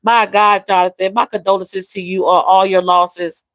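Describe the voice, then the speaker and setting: Woman livestream host, warm and emotional, addresses chat directly, dry close recording, mid voice. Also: medium pitch, flat delivery, normal speed, dry recording, poor audio. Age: adult with a young daughter. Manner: emotional, soft-spoken, repeats phrases, addresses viewers as y'all and baby. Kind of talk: casual livestream chat reading comments.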